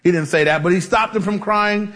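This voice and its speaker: A man's voice: high-pitched, fairly quick, a bit bright. A man preaching a conversational Bible-teaching sermon, casual and chatty, with frequent asides and restarts. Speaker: pastor.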